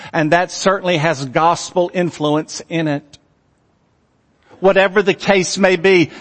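A man preaching a sermon in a slow, earnest manner, letting his phrase endings fall soft and low. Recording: long hall reverb.

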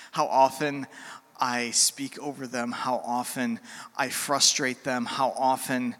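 A middle-aged man preaching a sermon as a pastor, earnest and heartfelt, with pauses and fillers. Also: medium pitch, sharp tone. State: emotional, near tears. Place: church sanctuary. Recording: church hall with long reverb.

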